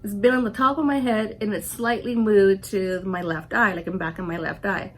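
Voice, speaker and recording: Speaking at a moderate pace with a steady, medium-pitched voice, a woman in her forties from California vlogs a long, casual story while sick and congested. She chats away, retelling scenes through "I'm like" and acted-out quotes.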